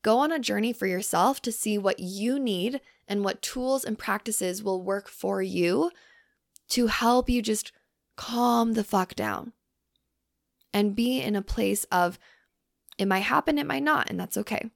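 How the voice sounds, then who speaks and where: A young woman hosting her own podcast, talking loosely with lots of fillers and the odd swear, softly emphatic. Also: mid-range voice, measured pace, gravelly, no echo, studio quality. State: hungry from fasting. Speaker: podcast host. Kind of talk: casual solo podcast talk.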